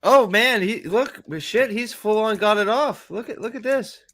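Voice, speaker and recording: A man's voice: sits high, a little slow, a bit bright. A young man with a slightly raised voice rants through a TV episode review. He is profane, sarcastic and plainly exasperated. His commentary is loose and reactive.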